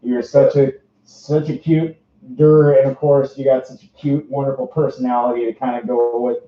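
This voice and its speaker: A man's voice: mid-range voice, flat delivery, fairly quick. Rambling bubbly man with a Minnesota accent. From Minnesota, USA. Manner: rambling, bubbly, laughs often. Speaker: livestream interviewer and host. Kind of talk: casual livestream chat. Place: indoors, speaking from inside a fursuit. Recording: roomy, dull lo-fi stream audio.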